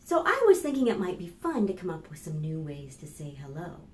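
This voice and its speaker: A woman librarian leading a children's storytime, reading aloud in an animated, sing-song way and talking straight to young children. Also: fairly low pitch, fairly quick, reverberant.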